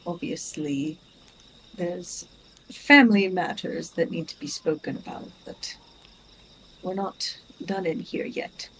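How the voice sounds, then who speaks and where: A woman voicing a stern male commander in a tabletop game, measured and matter-of-fact. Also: fairly low pitch, a little hiss or hum, low-quality recording.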